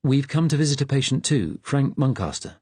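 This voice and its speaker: A man's voice: mid-range voice, animated, brisk, warm tone, husky, dry recording, voice pushed up. A man voicing a man on a secret visit who speaks carefully and politely.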